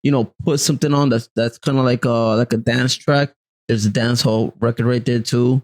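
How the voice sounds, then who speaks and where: A reserved young man speaking softly as a podcast guest, in casual chat with lots of fillers. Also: mid-range voice, steady tone, moderate pace, low-quality recording. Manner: soft-spoken, reserved, many fillers. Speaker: podcast guest, music producer.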